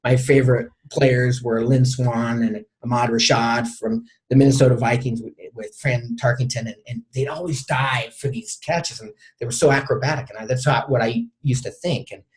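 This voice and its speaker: A man's voice: medium pitch, fairly even intonation, normal speed, few pauses. A middle-aged man, a coach, telling a personal story as a guest in an interview, often stumbling and repeating his words.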